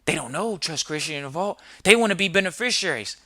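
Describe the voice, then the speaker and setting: Forceful, emphatic male podcast host. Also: on the high side, lively intonation, fast, no echo. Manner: emphatic, fires rhetorical questions. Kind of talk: preachy podcast monologue.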